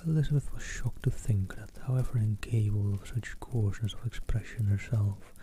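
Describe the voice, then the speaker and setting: A man reading a classic novel aloud in a soft, hushed voice, often dropping to a whisper. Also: fairly low pitch, fairly quick, a little hiss or hum, low-quality recording. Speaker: narrator. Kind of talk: audiobook reading, partly whispered.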